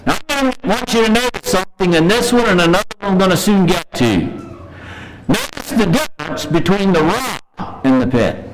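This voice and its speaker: A man preaching a morning sermon, reading scripture slowly and earnestly and pleading with his listeners. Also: high-pitched, animated, poor audio. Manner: reads verses slowly and earnestly, pleads with rising intensity.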